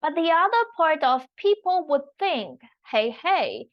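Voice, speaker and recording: A woman who teaches online, explaining tones slowly and carefully and repeating each example word. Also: very high voice, lively intonation, dull audio. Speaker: Mandarin teacher. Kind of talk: online language lesson.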